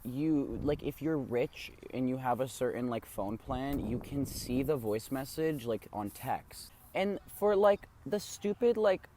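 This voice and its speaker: A man's voice: medium pitch, animated, unhurried, hardly any pauses, dark tone, a little hiss or hum. A teenage young man co-hosting a podcast, chatting casually in a rambling way, swearing freely and acting out people in his stories. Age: teens. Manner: rambling, swears freely, acts out voices in anecdotes. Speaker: podcast co-host. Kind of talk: casual chat.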